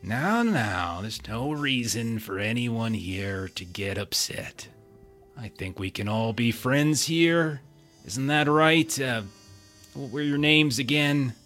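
A man playing a smooth, placating crime host. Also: mid-range voice, expressive, a bit bright, faint music behind. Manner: slow, soothing, falsely friendly.

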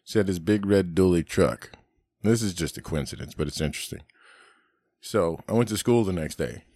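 A man's voice: deep voice, moderate pace, warm tone, dry recording, studio quality. A middle-aged man on a podcast, casually telling rambling stories full of swearing and laughter. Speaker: podcast host. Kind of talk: casual storytelling chat.

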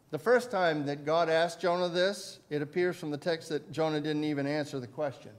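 A man preaching a sermon as pastor, swinging between loud emphasis and quiet asides and putting questions to his listeners. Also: a little high, moderate pace, hardly any pauses. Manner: asks the congregation questions.

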